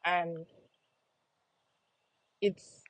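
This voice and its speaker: A young American woman with a Jamaican patois accent vlogs during an outdoor walk, casually addressing viewers and often saying phrases twice. Her voice sits on the low side with a level, fairly bright tone and drawn-out words, with no room sound on slightly dull lo-fi audio.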